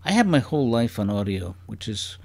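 A man's voice: fairly low pitch, sing-song, a little fast, creaky, a little mellow. A man chatting as a guest on a comedy podcast, rambling and curious, firing off playful questions. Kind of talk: casual podcast chat.

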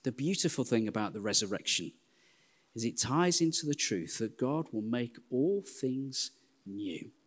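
An English man in his forties preaching a sermon in a church, telling self-deprecating stories in a lively way. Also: mid-range voice, unhurried. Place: church hall. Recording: long hall reverb.

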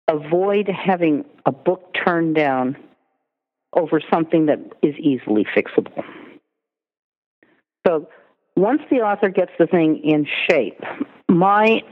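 A woman's voice: low voice, lively intonation, slow, pauses often. A woman, a literary agent, talking through her work in a chatty interview, full of "you know" and "I mean". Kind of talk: casual interview talk. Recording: tinny phone line with long reverb.

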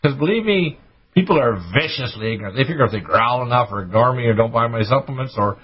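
Male talk radio host, husky voice, fervent preachy ranter, muffled audio. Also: animated. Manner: preachy, urgent, rapid rants with sudden high bursts.

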